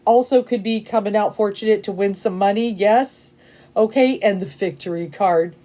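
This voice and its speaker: A woman giving a casual tarot reading to camera, emotional and excitable, rambling with many fillers and frequent "okay?" checks. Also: mid-range voice, normal speed. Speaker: tarot reader.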